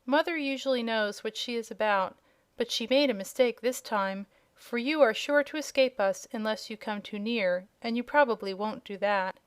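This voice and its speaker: Casting: woman doing a haughty young dragon, courteous but hungry, smooth clear tone, storybook. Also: fairly high pitch, normal speed, lightly acted. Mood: haughty polite. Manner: polite, regretful, slightly haughty. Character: proud young male dragonette, scaly and hungry. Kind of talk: audiobook character voice.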